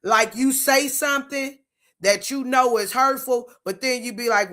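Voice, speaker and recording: A woman's voice: on the high side, moderate pace, pushed and bright. A woman hosting a faith-based talk show, speaking bluntly and emphatically and acting out the tones she talks about. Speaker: host.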